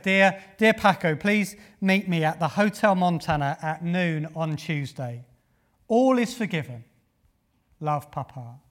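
A man delivering a sermon in a slightly high-pitched voice. He speaks earnestly, puts rhetorical questions to his listeners and presses his key points with rising force. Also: fairly bright tone. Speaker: preacher.

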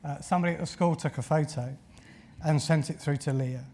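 A man's voice: fairly high pitch, fairly even intonation, a little fast, warm tone. A man preaching a sermon in an earnest way, often repeating phrases and using filler words. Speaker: pastor.

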